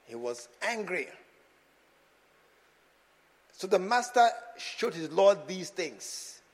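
A man preaching a sermon as a pastor, swinging from quiet asides to shouted exhortation. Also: sits high, very animated, slow pace, long reverb tail.

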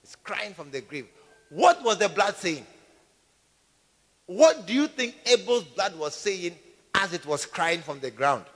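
High-pitched preacher. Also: male voice, very animated, unhurried, long pauses, in a large hall. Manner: emphatic, questioning the congregation. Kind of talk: sermon.

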